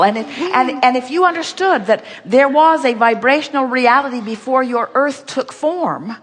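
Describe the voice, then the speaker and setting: A woman's voice: high-pitched, animated, normal speed, few pauses, in a large hall, a little hiss or hum. A woman giving an inspirational workshop talk, speaking emphatically and repetitively, referring to herself as "we". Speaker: seminar speaker.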